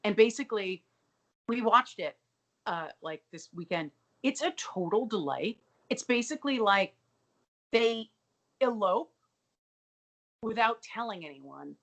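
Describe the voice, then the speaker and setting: An animated woman co-hosts a comedy podcast, swearing freely and joking her way through an episode recap. Her pitch sits mid-range, and her talk is loose and unscripted. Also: unhurried, long pauses. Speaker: podcast co-host. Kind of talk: casual comedic recap chat.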